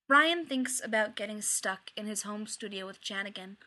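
Bright-voiced woman reading a story. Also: medium pitch, moderate pace, few pauses. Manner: wry, expressive storytelling. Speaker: reader. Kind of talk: reading fan fiction aloud.

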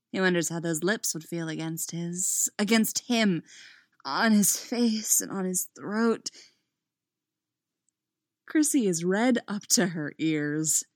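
A woman reading a story aloud with a lively, animated pitch. She is expressive and drops softly on the narration tags. The recording is dry and close, with no room sound. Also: no room sound.

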